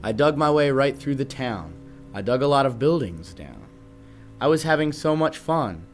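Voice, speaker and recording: A young man reading a rhyming children's picture book aloud at a steady, rhythmic pace. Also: mid-range voice, normal speed, soft background music. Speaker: guest reader, band musician.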